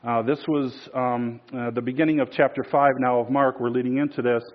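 Brief: male preacher, mid pitch, relaxed storytelling, filler-heavy delivery, dull recording. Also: fairly quick. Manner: casual, many fillers and restarts. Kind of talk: sermon with storytelling.

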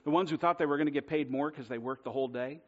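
A man's voice: on the high side, racing. A man preaching a sermon, telling a self-deprecating personal story in a conversational way. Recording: dull lo-fi sermon recording.

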